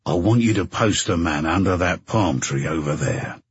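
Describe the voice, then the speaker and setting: A man voicing a weary middle-aged boss who gives orders in a curt, flat, commanding way, with a husky voice. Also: deep voice, moderate pace, slight background noise. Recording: dull dry narration recording.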